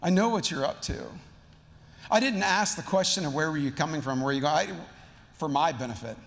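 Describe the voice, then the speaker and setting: A calm, all-knowing God who sees right through his accuser, as a preacher voices him. His voice is deep-set for this man and gravelly, with the long echo of a hall behind it. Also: brisk. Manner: knowing, pointed. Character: all-knowing male God, calmly confronting.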